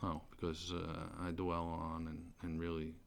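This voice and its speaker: A man's voice: sits low, monotone, measured pace, vocal fry. A middle-aged man, telling a personal story in casual, rambling speech full of fillers and restarts. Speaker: storyteller recounting his sentencing. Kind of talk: casual spoken testimony. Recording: faint background noise.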